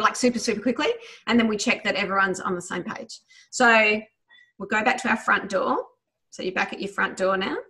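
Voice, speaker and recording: A woman teaching a memory exercise over a video call, guiding listeners through a visualization in a quick, enthusiastic, chatty way. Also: medium pitch, sharp tone. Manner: quick, enthusiastic talker who tries to slow down; chatty, with many fillers. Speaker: memory trainer. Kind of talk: guided visualization lesson.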